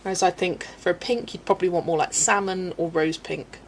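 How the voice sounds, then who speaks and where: A woman's voice: lowish voice, steady tone, fairly quick, a little hiss or hum, low-quality recording. A young woman chatting casually on a colouring livestream, answering chat and laughing often. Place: home room.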